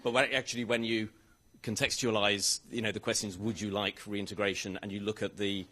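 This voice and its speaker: A man, a rail regulator's chief executive, answering questions on a conference panel in a halting way, with frequent restarts and hedges. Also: on the low side, flat delivery, sharp tone. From United Kingdom. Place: conference hall.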